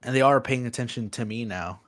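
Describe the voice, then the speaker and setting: A man from Los Angeles co-hosting an improvised comedy chat, laid-back and deadpan, often restarting his sentences. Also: medium pitch, fast. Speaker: podcast co-host.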